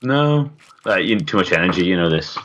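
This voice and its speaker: A man's voice: low voice, lively intonation, a little fast, noisy background. A man co-hosting a podcast, laid-back and hesitant, with many fillers. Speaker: podcast co-host. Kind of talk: casual podcast chat.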